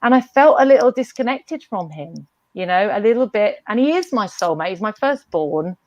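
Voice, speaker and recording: A woman talks in an unhurried, reflective way and keeps stopping to rephrase. She sounds like she is on a video call, and the sound is dry. Her voice sits at a middle pitch. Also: expressive, darkish tone, dry recording, muffled recording. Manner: reflective, with frequent "you know" and restarts. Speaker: guest. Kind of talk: casual conversation.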